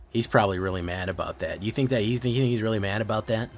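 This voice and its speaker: Low-voiced playful male streamer. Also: fairly even intonation, fast, faint music behind. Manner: playful, teasing, talks to viewers. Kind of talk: casual gameplay commentary to chat.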